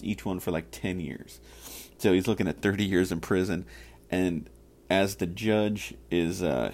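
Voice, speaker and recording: A man's voice: low voice, darkish tone. A man hosting a solo podcast, ranting casually with heavy profanity and rambling asides. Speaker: podcast host.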